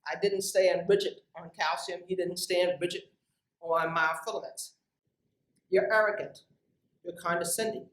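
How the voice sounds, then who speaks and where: A woman's voice: on the low side, moderate pace. A woman scientist giving a direct, emphatic motivational lecture to young researchers. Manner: emphatic, direct, lively with asides. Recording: echoey room, distant mic.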